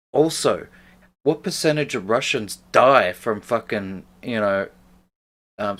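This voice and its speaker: Blunt, low-voiced man arguing. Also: fairly bright tone. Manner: blunt, profane, argumentative. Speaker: co-host. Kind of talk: casual chat.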